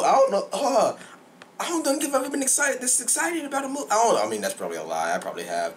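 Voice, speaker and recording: A young man, giving an excited, rambling movie review that repeats itself. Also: mid-range voice, slight background noise. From Southern United States.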